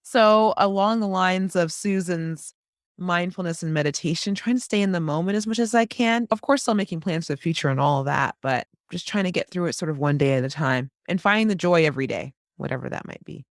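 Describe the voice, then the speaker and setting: A woman speaking as a podcast guest over a video call, reflecting in a thoughtful, measured way. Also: lowish voice, no room sound, studio quality. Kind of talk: casual chat.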